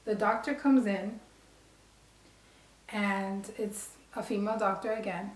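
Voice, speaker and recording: A woman's voice: mid-range voice, unhurried. A woman from the Bronx casually telling a personal story, acting out the dialogue as she goes. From Bronx, New York. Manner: animated, acts out quoted dialogue. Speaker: vlogger. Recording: roomy echo.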